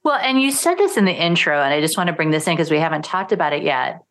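A middle-aged woman talking as a parenting coach in a podcast interview, animated and acting out quoted thoughts. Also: deep voice, fast. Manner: animated, acts out quoted thoughts in lively voices.

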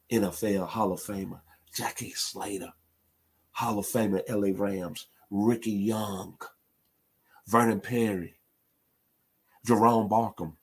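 A man's voice: on the low side, darkish tone, slightly rough. A man from Memphis, giving an emphatic sports commentary monologue. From Memphis, Tennessee. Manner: emphatic, builds to impassioned outbursts.

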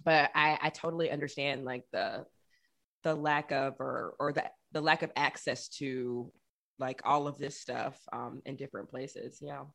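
A man from Georgia, a podcast host who also works as an actor and voice actor, chatting in an animated way and often acting out quoted remarks. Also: mid-range voice, moderate pace, gravelly. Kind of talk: casual interview conversation.

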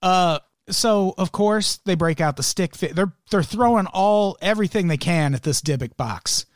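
A man's voice: high voice, moderate pace, no echo, clean studio sound. A man co-hosting a podcast in casual chat, sarcastic and joking, swearing freely. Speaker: podcast co-host.

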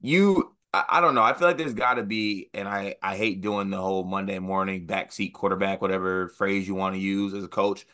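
A young man co-hosting a sports podcast in a relaxed, joking chat. His voice sits a little low but rings bright and forceful. He slips into mocking voices to poke fun at coaches. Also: fairly quick, hardly any pauses. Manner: animated, joking, mocks with put-on quotes. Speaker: podcast co-host.

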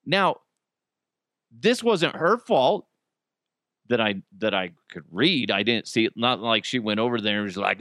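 A man's voice: mid-range voice, big pitch swings, a little slow, fairly bright tone, dry recording, studio quality. A middle-aged man hosting a casual solo podcast, ranting in an exasperated, profane way and telling stories with lots of animation. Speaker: podcast host.

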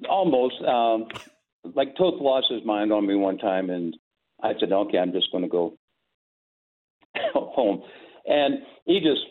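A man's voice: on the low side, expressive, slow, pauses often. An older man, a former sportscaster, telling rambling stories in casual chat, chuckling and quoting dialogue as he goes. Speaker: podcast guest, former sportscaster. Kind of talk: casual storytelling. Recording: tinny phone-like line.

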